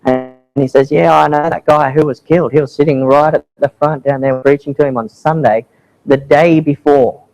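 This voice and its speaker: A man's voice: on the high side, steady tone, moderate pace, darkish tone, lo-fi sound, soft background music. A man, speaking as a missionary at a church, telling stories casually with quoted voices. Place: church hall.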